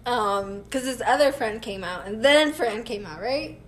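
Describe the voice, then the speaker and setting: A woman's voice: on the high side, measured pace, slight background noise. Chatty woman telling a story. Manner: animated, acts out quotes, laughs often. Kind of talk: casual storytelling chat.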